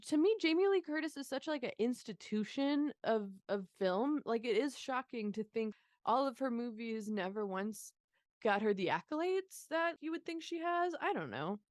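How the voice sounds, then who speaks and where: A woman's voice: fairly high pitch, very animated, moderate pace, no room sound, studio quality. A woman co-hosting a movie podcast in casual chat, blunt and casually profane. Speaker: podcast co-host.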